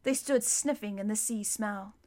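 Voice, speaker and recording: A woman narrating a children's storybook in a clear, even, unhurried manner. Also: mid-range voice. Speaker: audiobook reader.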